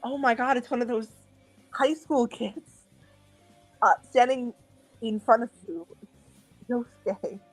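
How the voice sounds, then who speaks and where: A jumpy, startled teenage boy, as a woman game master puts him on in a tabletop game, his voice raised and rushed. Faint music runs underneath. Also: on the high side, voice pushed up.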